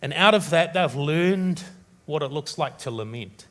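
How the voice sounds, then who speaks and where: A man preaching a sermon as pastor, from New Zealand, turning dramatic and loud when he voices the biblical writer's questions. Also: fairly high pitch, lively intonation, measured pace.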